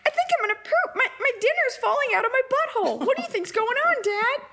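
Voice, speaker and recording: A woman's voice: extremely high pitch, animated, fast talker, vocal fry, pushed and bright, a little hiss or hum, pitched above the performer's own voice, full character voice. A woman voicing a painfully innocent little female dog who calls her owner Dad. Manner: sweet, naive, repeats "Hey, Dad".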